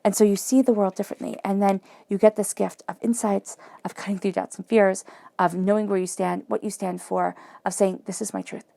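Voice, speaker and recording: A woman giving a tarot reading straight to her listener, earnest and encouraging, sometimes dropping to a soft murmur as she chants questions over the cards. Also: medium pitch, little pitch movement, fairly quick, vocal fry, dry recording. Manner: earnest, emphatic and encouraging, addressing the listener directly. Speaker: tarot reader.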